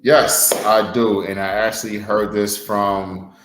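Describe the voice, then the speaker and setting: A man's voice: on the low side, little pitch movement, slow pace, a bit bright. A man who co-hosts a podcast and wrestles, giving casual motivational advice in an earnest tone, repeating words for emphasis. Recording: roomy echo, faint music.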